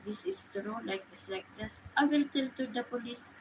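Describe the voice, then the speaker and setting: A woman chatting casually with viewers on a live stream, speaking halting English with many restarts. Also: fairly high pitch, background noise. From Philippines. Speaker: livestream host.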